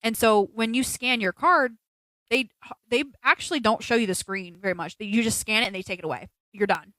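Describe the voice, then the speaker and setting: A woman co-hosting a casual podcast stream. She talks in an animated, storytelling way and slips into other people's voices when she quotes them. Her voice sits fairly high and sounds dry and close to the mic. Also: a little fast, dry recording. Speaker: podcast co-host. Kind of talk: casual chat on a livestreamed podcast.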